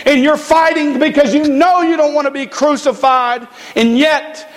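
A man preaching a sermon in a church, slow and emphatic with dramatic pauses. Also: very high-pitched, steady tone, in a large hall. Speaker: pastor.

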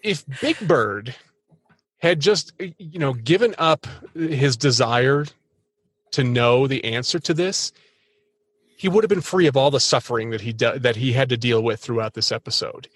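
A man co-hosting a podcast in casual chat, rambling and animated with a self-mocking streak. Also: mid-range voice, normal speed, breathy edge, no room sound. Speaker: podcast co-host.

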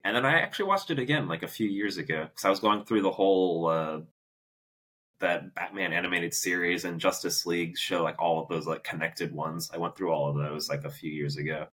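A man's voice: sits low, brisk, a bit bright, slightly rough. A man co-hosting a podcast, chatting casually about a film in a rambling way with many fillers. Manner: rambling, lots of "like" fillers, laughs often. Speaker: podcast co-host. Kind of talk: casual movie review chat.

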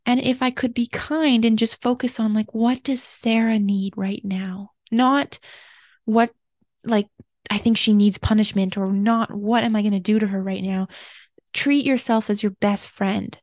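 Woman doing a heartfelt solo podcast, gentle and open, mid pitch, dry sound. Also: steady tone, a little slow, no echo. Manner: earnest, gentle, openly confessional. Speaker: podcast host. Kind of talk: personal reflective monologue.

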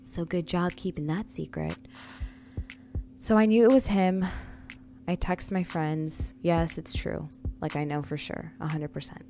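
A woman's voice: deep voice, steady tone, measured pace, dark tone, soft background music. A woman in her thirties telling viewers a personal story in a casual, confessional way, often calling out to them and repeating lines for emphasis.

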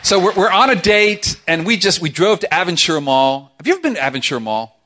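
Animated, bright-voiced male pastor preaching. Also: high voice, quick pace, some chatter behind, a little hiss or hum. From South Florida. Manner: animated, humorous, acts out quoted voices. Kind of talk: sermon. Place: church sanctuary with congregation.

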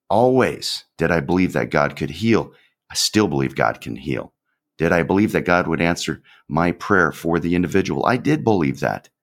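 A man, a pastor hosting his own podcast, giving an unscripted devotional talk in a candid, conversational way, often repeating his phrases. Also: low-pitched.

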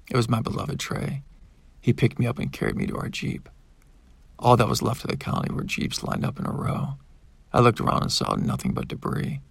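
Gravelly husky guy reading an audiobook, lively delivery, voices all the characters. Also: medium pitch, no room sound. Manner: dramatic, shouting in the characters' outbursts. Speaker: audiobook narrator. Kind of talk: first-person audiobook narration with character voices.

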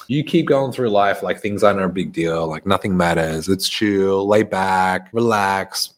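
A man's voice: mid-range voice, expressive, moderate pace. A young man hosting a podcast, giving a blunt, swearing motivational monologue. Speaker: podcast host.

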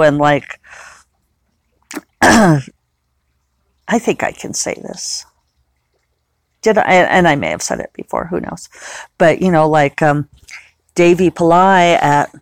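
Lower-voiced woman with a dry sound. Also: dry recording. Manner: rambling, often correcting herself. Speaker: novelist. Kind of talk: casual solo podcast chat.

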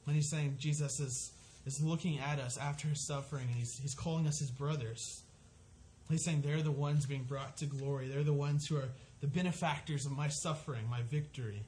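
Male pastor, slightly higher voice, earnest and conversational, stumbling restarts, faint background noise. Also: steady tone, a little fast, darkish tone. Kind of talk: sermon.

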